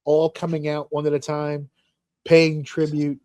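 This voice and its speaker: A podcast host tells stories in casual conversation, animated and swearing often, even acting out shouts. His voice is a little high and a little slow, with no echo.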